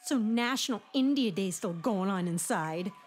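A young woman performing a one-woman stage monologue, talking in rapid, stammering, comic teen chatter. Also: medium pitch, lively intonation, soft background music. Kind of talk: theatrical monologue.

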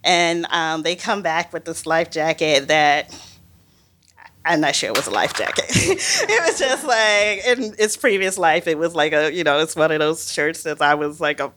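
A woman's voice: sits low, moderate pace, a little hiss or hum. Laughing woman telling a live story. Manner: lively, laughing, animated retelling. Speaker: biologist telling a personal story. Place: stage before a live audience.

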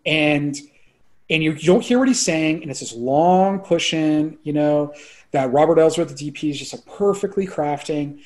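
A man around forty, a filmmaker guest chatting on a podcast, excitable and rambling, full of "like" and casual swearing. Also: fairly high pitch, normal speed.

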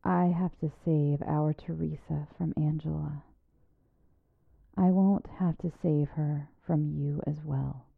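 A bitter, fed-up man snaps at an unwelcome visitor, as a woman reading a storybook puts him on. His voice sits low and gravelly, slow and heavy, mellow rather than sharp. The sound is close and dry, with no room around it. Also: steady tone, dry recording, narrow, tinny audio, full character voice. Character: angry grown man throwing someone out.

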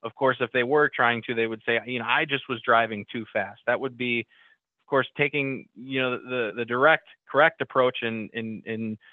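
A man's voice: medium pitch, steady tone, moderate pace, dry recording. A man co-hosting an instructional safety talk, speaking conversationally with many fillers and restarts. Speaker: co-host. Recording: tinny phone-like line.

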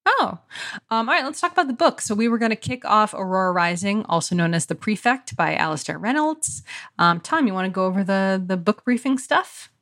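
A woman co-hosting a podcast in casual chat, talkative and quick to laugh. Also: medium pitch, sing-song, a bit bright. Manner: chatty, laughing, quick asides. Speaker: podcast co-host.

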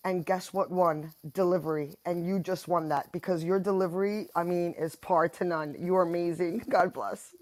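A woman's voice: on the low side, steady tone, moderate pace, few pauses, a little mellow. Gushing woman full of filler words. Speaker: audience member. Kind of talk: casual chat.

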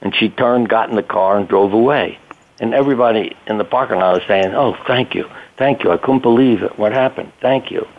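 An older man's low, steady voice comes down a thin, phone-like line. He tells his stories in a relaxed way as a guest, chuckling now and then and voicing the people in them. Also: a little fast. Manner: conversational storyteller, chuckling, acts out quotes. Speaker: guest, doctor. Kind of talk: casual storytelling interview.

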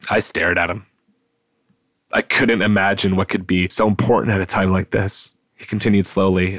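An older man narrating a painful personal memory in a quiet, measured way. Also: sits low, steady tone, dry recording. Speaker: storyteller.

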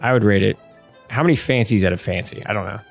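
A man co-hosting a casual podcast, chatting with excited, geeky enthusiasm and frequent laughter. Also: on the low side, fast talker, vocal fry, soft background music. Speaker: podcast co-host. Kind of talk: casual chat.

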